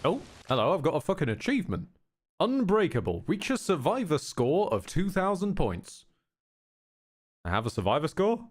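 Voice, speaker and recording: Rambling streamer, animated pitch. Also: male voice, moderate pace. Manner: rambling, swearing, jokey. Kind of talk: casual gameplay commentary.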